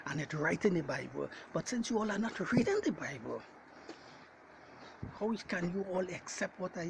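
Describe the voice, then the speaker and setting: A man preaches a message in a fairly high voice, talking straight at his listeners and hammering the same phrases again and again. He keeps calling them ladies and gentlemen as he pushes each point home. A faint hiss sits under his voice. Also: gravelly. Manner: repetitive, hammering refrains. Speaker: self-styled Bible teacher.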